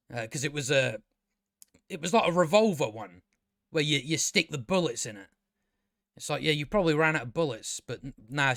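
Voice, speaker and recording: A show reviewer rants casually in a fairly high, fairly bright voice, cursing, exasperated and stammering through restarts. The recording is dry.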